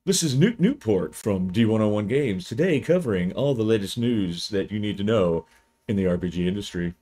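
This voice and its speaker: A man doing an impression of a pompous British male TV news anchor with a put-on British accent and a brisk announcer cadence. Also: on the low side, expressive, warm tone, slightly rough. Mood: newsy.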